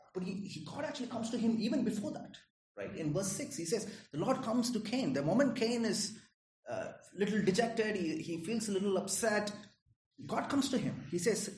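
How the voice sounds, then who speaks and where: A man preaching a sermon in a conversational way, often checking in with "Right?" and "Okay?". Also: high-pitched. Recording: echoey room.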